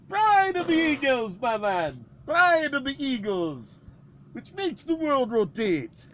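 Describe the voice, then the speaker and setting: Man putting on a high, swooping Yorkshire accent: bragging, gruff, self-important northern guy. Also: slight background noise, heavily acted, low-quality recording. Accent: Yorkshire English, put on. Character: boastful northern English man, middle-aged, self-important.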